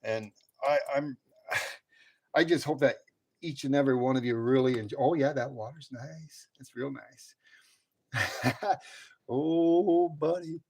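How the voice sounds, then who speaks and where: A man chatting casually on a live stream about his metal casting, excitable, often whooping and laughing. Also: mid-range voice, slow pace, long pauses, slightly rough.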